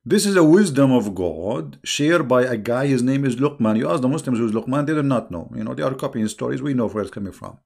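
A man's voice: mid-range voice, expressive, brisk, creaky, hardly any pauses, darkish tone. A middle-aged man hosting a casual online livestream, talking in a sarcastic, mocking way and chuckling often. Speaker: online religious debate host.

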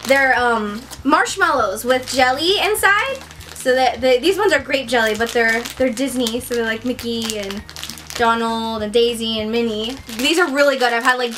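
A young woman chatting excitedly on her vlog as she unboxes a gift package, gushing with many exclamations. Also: high voice, slight background noise. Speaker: vlogger.

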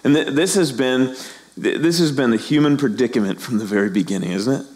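A middle-aged man preaches a sermon to his congregation. He keeps it animated and slips into the voices of the people in the story. His voice sits at an ordinary middle pitch. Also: a little fast. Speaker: pastor.

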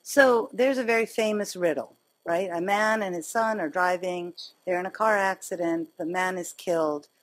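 A woman surgeon gives a grand rounds lecture, slipping into lively personal stories as she talks. Her voice sits on the lower side and has a husky edge. She keeps it conversational throughout. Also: moderate pace, poor audio. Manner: conversational, animated storytelling with laughs. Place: lecture hall.

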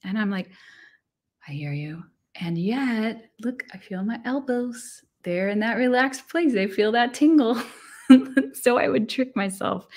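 A woman's voice: medium pitch, gravelly, fairly bright tone. A middle-aged woman, a guest author and musician, telling stories animatedly, acting out her own thoughts and sometimes dropping to a near whisper. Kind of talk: casual interview storytelling.

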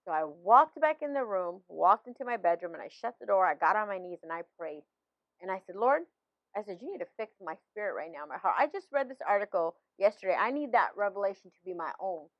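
A woman's voice: medium pitch, lively intonation, fairly quick, no room sound, highs cut off. A woman in her fifties, a pastor, sharing a personal faith story in conversation with many restarts and laughs.

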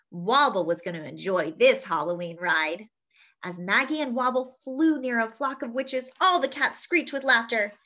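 A woman reading a children's picture book aloud, lively, often turning to ask her young listeners questions. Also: on the high side. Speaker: children's story reader. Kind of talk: read-aloud storytelling for children. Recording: dull lo-fi sound.

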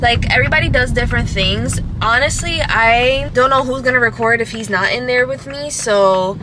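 A woman's voice: fairly high pitch, moderate pace, bright, forceful tone, slight background noise, rough recording. A young woman chatting casually with her partner for their vlog, upbeat and full of "like" fillers. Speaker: vlogger.

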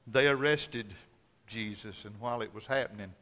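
Male pastor preaching with dramatic storytelling, forceful bright voice, long church reverb. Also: on the low side, normal speed. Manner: dramatic storytelling, swinging from loud to hushed. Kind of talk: sermon. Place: church sanctuary.

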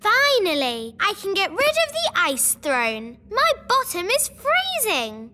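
A woman's voice: extremely high pitch, slow, exaggerated voice. A performer voicing a small, playful fairy princess girl in a children's cartoon. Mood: cheerful. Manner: excitable, childlike.

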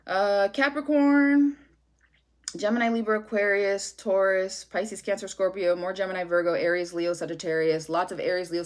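A woman giving a casual tarot reading, talking bluntly with lots of swearing and a sassy edge. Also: mid-range voice. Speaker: tarot reader.

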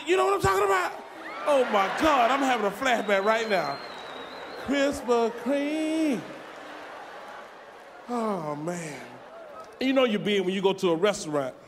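High-voiced man shouting stand-up punchlines. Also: brisk. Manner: loud, often shouting punchlines. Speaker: comedian. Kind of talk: stand-up comedy. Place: large theater stage. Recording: live theater show, loud crowd and noise.

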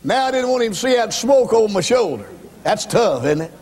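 Very animated and high-pitched, this man's darkish, breathy voice moves a little fast, with a long reverb tail behind it. He's an evangelist preaching his testimony, dramatically acting out voices and emphatically addressing the congregation head-on.

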